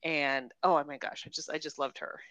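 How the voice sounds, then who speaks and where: A woman's voice: deep voice, fairly even intonation, moderate pace, a bit bright, no room sound, highs cut off. A young woman co-hosting a book podcast, chatting enthusiastically and laughing often. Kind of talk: casual chat.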